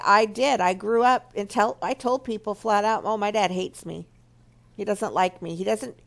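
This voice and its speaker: A woman's voice: medium pitch, gravelly. A woman speaking for a marriage ministry, earnestly telling a personal story and teaching from it. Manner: earnest, storytelling, acts out remembered quotes. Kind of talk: personal testimony and teaching talk.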